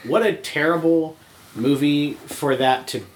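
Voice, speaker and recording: A man chatting casually about films as a podcast co-host, opinionated and quick to react. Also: fairly high pitch, slight background noise, rough recording. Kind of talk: casual film discussion.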